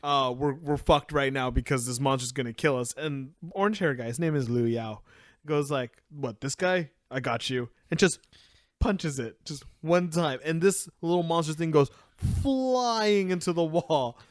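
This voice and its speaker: A man's voice: fairly high pitch, normal speed, no echo, studio quality. A young man co-hosting a casual anime review podcast, recapping scenes and acting out the characters' lines. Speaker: podcast co-host.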